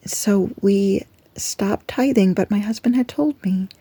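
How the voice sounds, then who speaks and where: A woman giving an earnest, gentle devotional talk that encourages her listeners. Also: mid-range voice, slow, husky, no echo. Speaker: Christian devotional speaker.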